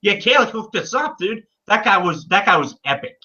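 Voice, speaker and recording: Dude co-host, super bright voice, kinda muffled audio, says dude a lot. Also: male voice, high voice, normal speed. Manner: animated, swears, calls people dude. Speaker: podcast co-host. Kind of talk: casual chat. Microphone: video call.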